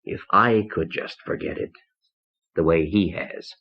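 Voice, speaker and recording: A man's voice: sits low, measured pace. Man voicing a cracked, savage grieving man. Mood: broken. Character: anguished grieving middle-aged man, savage and broken. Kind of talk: audiobook character voice. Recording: dull lo-fi cassette tape.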